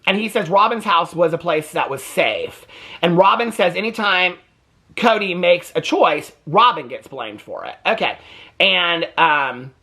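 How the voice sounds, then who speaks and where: A man's voice: a little high, breathy edge. Sassy, swearing male recap host. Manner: sassy, gossipy, profane; animated. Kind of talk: casual TV recap vlog.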